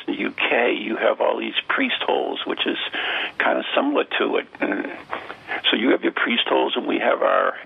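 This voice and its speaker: A man's voice: lowish voice, creaky, husky. A man hosting a casual podcast chat, talking in a chatty, showman-like way with fillers. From New England, USA. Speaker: host. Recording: dull lo-fi audio.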